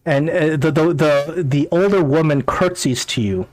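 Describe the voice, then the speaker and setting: A man's voice: fairly high pitch, moderate pace, few pauses, a little mellow, dry recording. A man running a tabletop game as game master, narrating with hesitant fillers.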